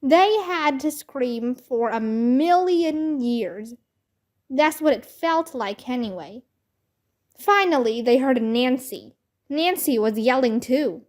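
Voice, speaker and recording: A woman reading a children's book aloud with slow, careful, expressive storytelling. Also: sits high.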